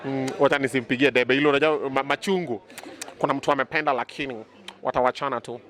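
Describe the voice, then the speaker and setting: A Kenyan man, around his thirties, talks through a casual interview with lively, boastful energy. He speaks in quick bursts and drops in Swahili phrases, and he is recorded outdoors in the city. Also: mid-range voice, some chatter behind. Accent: Kenyan English. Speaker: media personality interviewed. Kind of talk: casual interview chat mixing English and Swahili.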